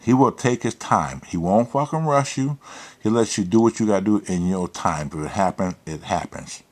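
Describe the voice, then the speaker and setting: A man hosting a casual show, telling a personal story in profane, animated style with quoted dialogue, then giving emphatic advice. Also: fairly low pitch, normal speed.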